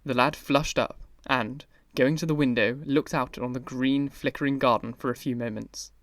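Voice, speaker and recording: A man narrating a classic novel audiobook in a measured, even reading style. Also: medium pitch, no echo, studio quality, recorded from a distance. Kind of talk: scripted narration.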